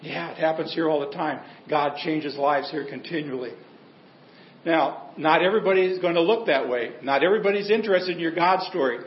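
A man's voice: fairly high pitch, a little fast, echoey room, muffled recording, a little hiss or hum. A male pastor preaching a sermon in a church, telling stories in a conversational, humorous way.

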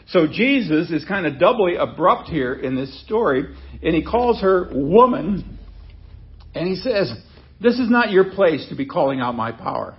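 A man's voice: fairly high pitch, sing-song, unhurried, muffled recording. A man preaching a sermon in a conversational way, reading scripture aloud and stopping to explain it with casual asides. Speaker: pastor.

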